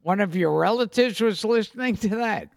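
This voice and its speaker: A man's voice: sits high, moderate pace, gravelly, no room sound, clean studio sound. A man hosting a podcast, asking blunt, teasing questions. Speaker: podcast host. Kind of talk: interview conversation.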